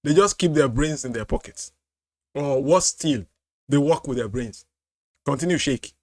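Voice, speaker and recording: A man's voice: medium pitch, normal speed, no room sound, clean studio sound. A man hosting a reaction show, commenting in a mocking way and often breaking into laughter and repeated exclamations. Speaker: apologetics host reacting to a clip.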